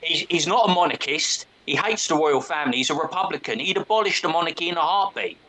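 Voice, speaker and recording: Blunt English man ranting, bright tone. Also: a little high, animated, quick pace, low-quality recording. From England. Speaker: guest. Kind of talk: casual podcast discussion.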